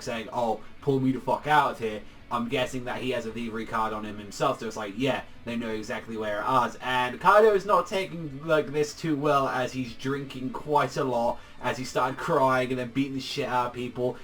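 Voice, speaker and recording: A man's voice: mid-range voice, fairly bright tone. A young man reviews a manga chapter in a loose, rambling way. His talk is heavy with fillers and casual swearing. He sits a little back from the mic, so the sound is slightly distant.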